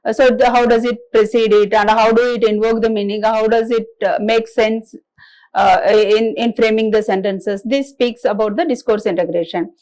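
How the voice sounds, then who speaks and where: A woman giving a recorded classroom lecture in a halting, explanatory way, with frequent restarts. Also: on the high side, fairly even intonation, a little mellow, rough recording. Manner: halting explanatory delivery, many restarts and fillers.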